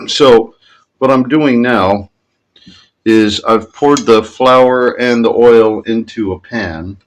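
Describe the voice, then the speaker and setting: A cooking vlogger chats his way through a recipe in his home kitchen, rambling and correcting himself as he goes. His voice sits in the mid-range and moves slowly, and the recording quality is low.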